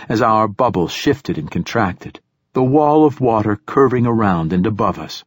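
A man narrating a first-person science fiction audiobook in a measured, even way. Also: lowish voice, slightly rough, dry recording, studio quality.

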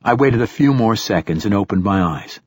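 A man narrating a first-person science fiction audiobook in a measured, even way. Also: lowish voice, no room sound, clean studio sound.

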